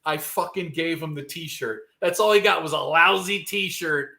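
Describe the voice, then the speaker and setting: A man's voice: a little high, unhurried, vocal fry, a crowd in the background. A man, a guest telling a long rambling story in casual, profane street slang. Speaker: guest musician.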